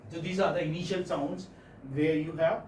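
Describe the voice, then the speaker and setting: A man's voice: on the high side, steady tone, moderate pace, a little mellow. A middle-aged man with an Indian English accent giving a phonetics lecture in a classroom, repeating words and checking in with students. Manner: repetitive, coaxing, checks with students often. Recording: echoey room, distant mic, faint noise.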